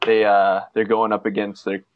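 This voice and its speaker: A man's voice: fairly low pitch, monotone, normal speed, no room sound, muffled recording. A man co-hosting a casual sports podcast, rambling and joking with lots of fillers. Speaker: podcast co-host.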